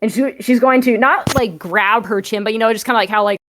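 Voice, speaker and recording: A woman's voice: on the high side, fairly quick, noisy background. A woman plays in a tabletop game and describes what her character does. She rambles loosely and leans on fillers throughout. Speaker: player.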